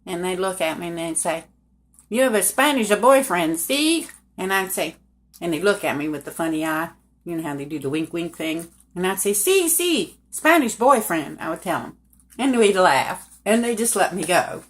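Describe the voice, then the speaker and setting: A woman casually telling a personal story in a folksy, colloquial way, speaking straight to her listeners. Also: on the low side. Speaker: storyteller recounting her own life.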